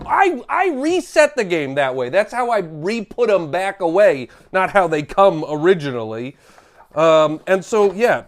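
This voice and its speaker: Excitable, jokey man unboxing games. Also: sits high. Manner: animated, jokey, gasps and exclaims. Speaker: board game reviewer. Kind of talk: comedic unboxing vlog.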